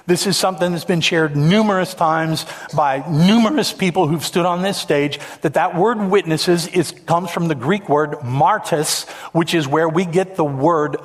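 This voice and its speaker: Slightly high-voiced male pastor preaching. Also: moderate pace. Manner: storytelling, emphatic, with repetitions. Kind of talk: sermon. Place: church stage.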